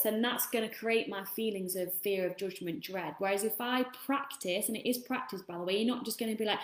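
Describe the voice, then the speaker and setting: A woman's voice: mid-range voice, brisk, hardly any pauses. Woman, casual motivational talk, swears, rambles, echoey room. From England. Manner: chatty, rambling, swears freely. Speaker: self-love coach.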